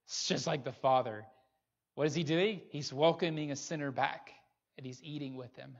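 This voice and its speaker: A man's voice: fairly high pitch, moderate pace, creaky. A man preaching a sermon as pastor, earnest and pressing his listeners with rhetorical questions. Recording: dull lo-fi recording.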